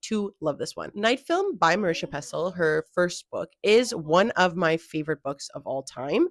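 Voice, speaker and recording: A woman's voice: lowish voice, fairly bright tone, no room sound, clean studio sound. A young woman chatting casually in a reading vlog, talking about a book with lots of filler words. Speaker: book vlogger.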